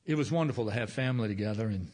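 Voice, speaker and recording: A middle-aged male pastor giving a folksy, conversational sermon, slowing down with soft emphasis and long pauses. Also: on the low side.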